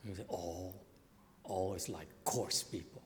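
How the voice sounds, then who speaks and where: Lower-pitched male teacher, halting lecture with frequent fillers, echoing lecture hall. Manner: halting, with many fillers and restarts. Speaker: Buddhist dharma teacher. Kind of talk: bilingual dharma lecture. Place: hot lecture hall without air conditioning. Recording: long hall reverb.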